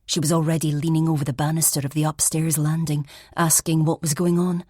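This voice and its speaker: Here a woman narrates a first-person mystery audiobook with a low, husky voice, soft and reflective, frequently dropping toward a whisper. Her delivery is flat and brisk, and the close, dry recording has no room sound.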